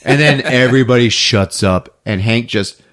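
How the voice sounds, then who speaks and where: A man's voice: mid-range voice, moderate pace, fairly bright tone. A man hosting a podcast, recapping a movie in casual chat, laughing often and acting out characters' lines. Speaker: podcast host.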